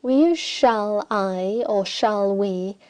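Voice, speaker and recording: A woman narrating a scripted English grammar lesson, speaking slowly and deliberately and reading example sentences aloud. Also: medium pitch, a little mellow, no echo. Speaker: English teacher.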